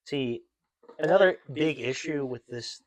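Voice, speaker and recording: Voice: mid-range voice, measured pace. Skeptical swearing podcast co-host. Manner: skeptical, argues, swears casually. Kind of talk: casual chat.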